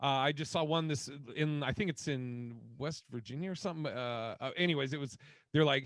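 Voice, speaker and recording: A man's voice: mid-range voice, a little fast, dry recording. A man hosting a casual podcast chat, telling stories animatedly, swearing freely and acting out what people said. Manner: animated storyteller, swears a lot, acts out quotes. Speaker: podcast host.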